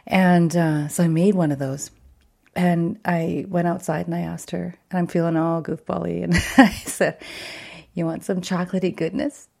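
A woman's voice: on the low side, flat delivery, normal speed, creaky, a little mellow. A middle-aged woman coach hosting her podcast in a casual monologue, bubbly and chatty, laughing often between thoughts. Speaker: podcast host and wellness coach.

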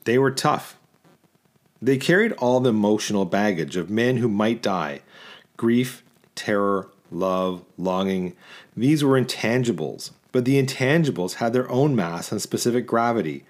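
Man, audiobook narrator, literary story reading, measured rhythmic delivery, fairly low voice. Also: expressive.

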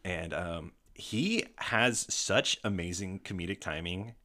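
Deep-voiced man telling a funny story. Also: slow pace. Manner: animated, swearing, breaks into laughter. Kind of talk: casual storytelling chat.

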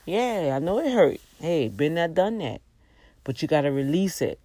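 A woman's voice: low-pitched, sing-song, dark tone, no echo. A woman hosting a casual faith talk on a livestream, earnest and preacher-like, a little tired and yawning. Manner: earnest, exhorting, preacher-like, drawn-out emphasis. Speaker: livestream host.

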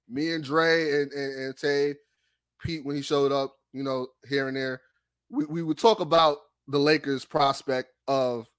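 Brief: higher-pitched man, heated podcast host ranting, dry close sound. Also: no echo. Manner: heated, profane, laughs loudly. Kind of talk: casual chat and sports rant.

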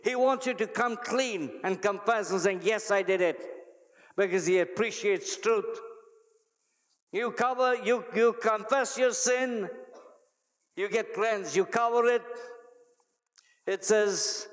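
High-voiced man preaching slowly in an echoing hall. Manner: emphatic, repeats key phrases for the congregation. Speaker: pastor. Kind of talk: sermon. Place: church hall. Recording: long reverb of a large hall.

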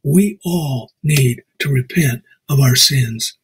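A man with an American accent hosting a radio show, reading scripture and preaching in a measured, emphatic way. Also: mid-range voice, breathy edge, rough recording. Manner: measured, emphatic preaching with slow drawn-out stresses. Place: radio studio.

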